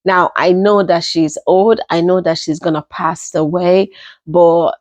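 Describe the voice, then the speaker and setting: Nigerian woman, young adult, low voice, slow unhurried storytelling, dry close mic. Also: fairly even intonation, a little mellow, dry recording. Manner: unhurried, personal, repeats herself as she talks. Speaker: storytelling vlogger. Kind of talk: casual storytime.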